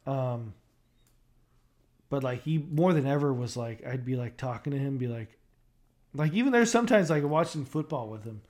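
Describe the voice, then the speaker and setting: A man's voice: medium pitch, animated, normal speed, pauses often, a little mellow. A young man co-hosting a podcast in casual chat, rambling with lots of fillers and restarts. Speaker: podcast co-host.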